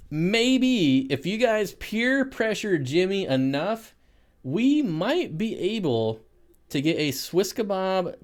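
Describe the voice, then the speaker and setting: Casual man hosting a live stream. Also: fairly high pitch. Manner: chatty, answers viewer comments with frequent laughs. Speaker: aquarium live stream host.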